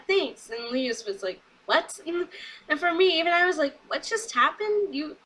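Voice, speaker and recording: Young female reviewer, casual recap, high-pitched and bright, excitable, acts out quotes. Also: rough recording. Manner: chatty and excitable, quoting people in quick asides. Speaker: wrestling show reviewer.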